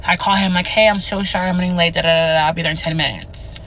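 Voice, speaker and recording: A woman's voice: fairly low pitch, fairly even intonation, quick pace, fairly bright tone, dull audio, a little hiss or hum. A young woman talking casually to camera, candid and self-mocking about a date gone wrong. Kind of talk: casual vlog rant.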